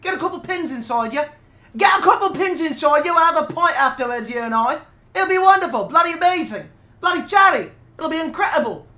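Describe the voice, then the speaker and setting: A woman's voice: sits high, lively intonation, brisk, bright, forceful tone, voice pushed up. A woman voicing a menacing male hell demon in a put-on Cockney accent, making friendly-sounding threats. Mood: chummy menace. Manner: jovial, mock-friendly threats.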